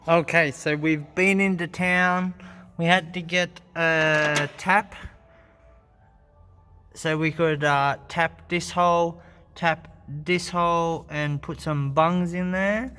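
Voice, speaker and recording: A man's voice: fairly high pitch, steady tone, takes it slowly, long pauses, a bit bright, big-room sound, soft background music. A young Australian man in a casual garage vlog, talking through his car repair in a laid-back way and swearing heavily when frustrated. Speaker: car vlogger.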